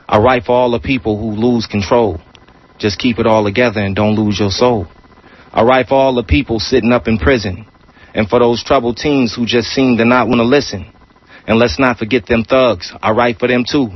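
A man's voice: medium pitch, slightly rough. A man reciting his own poem in an earnest, insistent way, heard over a muffled radio broadcast. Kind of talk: spoken word poetry.

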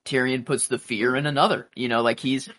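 A man co-hosting a casual podcast, rambling and halting as he gives his thoughts. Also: mid-range voice, steady tone, fairly bright tone. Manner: rambling, halting, full of fillers and restarts. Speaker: podcast co-host reacting to a TV episode. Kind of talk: casual chat.

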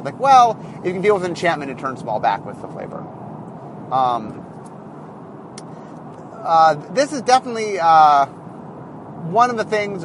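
Animated high-voiced man, rambling explanation. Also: background noise. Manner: animated, rambling, thinking aloud. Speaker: game designer. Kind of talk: casual explanatory monologue.

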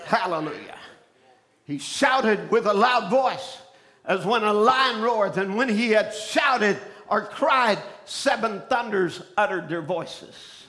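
A man preaching a fiery sermon, shouting his points, calling out to the congregation and often repeating and restarting phrases. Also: high-pitched, expressive, slow. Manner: preaching with shouted exclamations and call-and-response.

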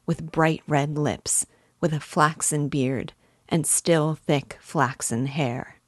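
A woman reading a classic novel aloud, measured and clear in her storytelling. Her voice is low for a woman, and the sound is dry and close. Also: dry recording. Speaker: reader.

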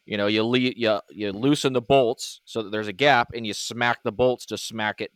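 Casting: man, low-ish clean voice, dry close mic, laid-back podcast chat. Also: normal speed, no echo. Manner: relaxed, rambling shop talk. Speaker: podcast host. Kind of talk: casual chat.

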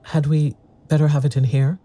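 A frightened sister pleads weakly, as a man reads her lines. The voice is dark and mellow. It is a storybook reading. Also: a little high, little pitch movement, normal speed, slightly rough. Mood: pleading. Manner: weak, pleading.

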